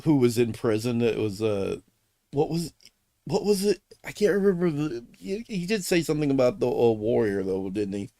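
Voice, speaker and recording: A man's voice: medium pitch, very animated, normal speed, warm tone, dry recording. A man hosting a livestream, talking in a blunt, opinionated and emphatic way in casual chat. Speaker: streamer host.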